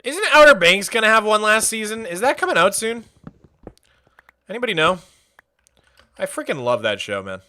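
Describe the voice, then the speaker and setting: Young male streamer, upbeat and jokey, bright voice that swings up and down. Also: sits high, moderate pace, long pauses. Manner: animated, jokey, chatty, answers chat questions. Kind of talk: casual chat while playing a game.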